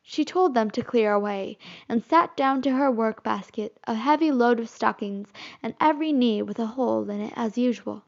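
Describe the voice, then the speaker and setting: A woman narrating a children's classic as an audiobook, in expressive storytelling. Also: a little high, normal speed, vocal fry, hardly any pauses. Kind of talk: audiobook reading. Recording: slightly muffled recording.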